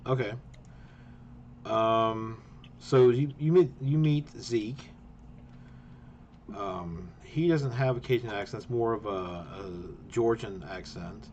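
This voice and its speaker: A man's voice: on the low side, animated, slow pace, pauses often, darkish tone, highs cut off, slight background noise. A man narrating a tabletop game as game master, chatty, with many fillers and frequent laughs.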